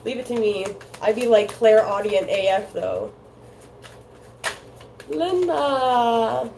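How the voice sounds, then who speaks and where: A woman's voice: mid-range voice, steady tone, moderate pace, vocal fry, mellow, slight background noise, poor audio. A woman doing a casual tarot reading, rambling and chatty, with lots of filler words. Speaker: tarot card reader.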